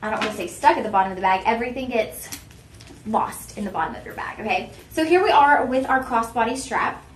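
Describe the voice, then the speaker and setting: A woman's voice: on the high side, expressive, a little fast, reverberant, a little hiss or hum. A young woman hosting a live shopping show, chatting with viewers and teasing herself. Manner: chatty and self-teasing, talks straight to viewers. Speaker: shopping channel host.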